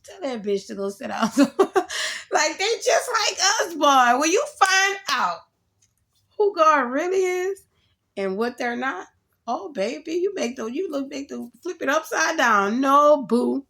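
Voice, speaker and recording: A woman giving a casual tarot reading straight to the viewer, animated and slangy, laughing often as she talks. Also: high voice, takes it slowly, vocal fry. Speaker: tarot reader.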